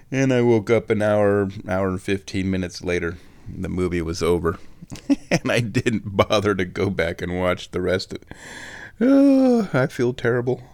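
A man's voice: deep voice, measured pace, pauses often. A drowsy man rambling casually to his viewers at home, chuckling often, his sinuses a bit stuffed. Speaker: vlogger. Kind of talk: rambling casual chat to camera.

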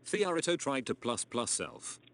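A man in a casual online voice chat, reading out numbers and commands in a deliberate way. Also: mid-range voice, huge pitch swings, creaky, a bit bright.

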